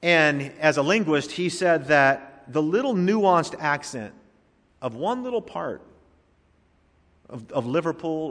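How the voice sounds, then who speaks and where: Preacher in a reverberant hall. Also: male voice, mid-range voice, a bit bright. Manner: preaching with rising and falling emphasis, rhetorical questions. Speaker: pastor. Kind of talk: sermon.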